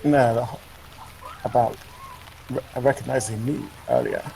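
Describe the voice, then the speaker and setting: Player with a gravelly voice, hesitant and full of filler words, a man. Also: mid-range voice, huge pitch swings, a little slow, dark tone, slight background noise, low-quality recording.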